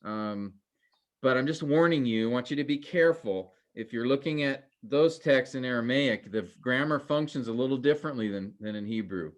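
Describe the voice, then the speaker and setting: A man teaching an informal class in a relaxed, conversational way, with many fillers and restarts and an earnest, cautionary tone. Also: mid-range voice, normal speed.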